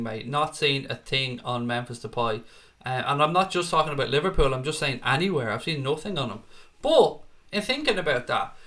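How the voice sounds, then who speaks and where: A man's voice: a little high, fairly bright tone. An Irish man hosting a fan channel, chatting casually and rambling through viewer comments with self-deprecating asides. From Ireland. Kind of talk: casual live-chat commentary.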